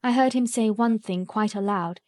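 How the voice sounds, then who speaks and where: A woman's voice: mid-range voice, moderate pace, a little mellow, no room sound, studio quality, natural voice. A woman reading the part of a sickly, self-pitying young boy in an audiobook, speaking crossly and resentfully.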